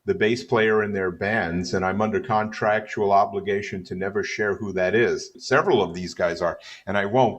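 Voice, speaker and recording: Low-voiced guy rambling thru stories, jokey and chatty, casual interview. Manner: chatty, digressive, joking, does quick put-on voices in stories. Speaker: bassist guest.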